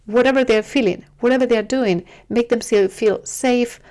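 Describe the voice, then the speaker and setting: A woman's voice: on the high side, moderate pace. Earnest woman giving parenting advice. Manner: earnest, repeats herself, gentle pleading. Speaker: parenting video host. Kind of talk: casual advice talk to camera.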